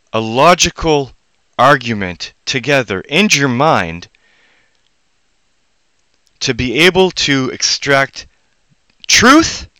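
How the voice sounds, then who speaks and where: Live-stream host, male, sharp bright tone, furious profane ranting that dips into low muttering. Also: no echo, low-quality recording. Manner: angry, swearing heavily, swinging from loud outbursts to low mutters. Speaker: livestream host.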